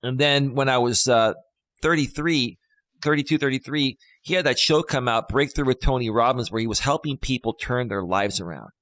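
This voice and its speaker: A man in his fifties hosts a casual live stream as a life coach. He rambles and repeats himself, but stresses his points with emphasis. His mid-pitched voice sounds dry and close to the mic, with no room around it. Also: normal speed, fairly bright tone, no echo. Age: 50s. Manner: rambling, emphatic, with many fillers and restarts.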